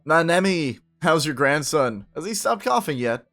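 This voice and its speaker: A man voicing a boisterous male mystic showman with a loud, theatrical, crowd-rousing delivery while reading game dialogue aloud. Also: fairly high pitch, very animated, normal speed, soft background music. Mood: booming, grand.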